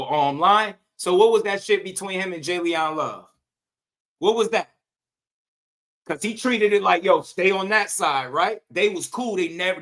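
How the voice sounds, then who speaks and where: A man's voice: high voice, sharp tone. A man hosting casual boxing commentary, ranting with profanity, slang and rhetorical questions.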